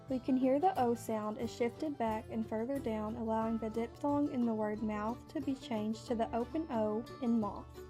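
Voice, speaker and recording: A woman narrating a scripted class presentation, reading steadily and slowing down for example words. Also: fairly high pitch. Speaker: student presenter.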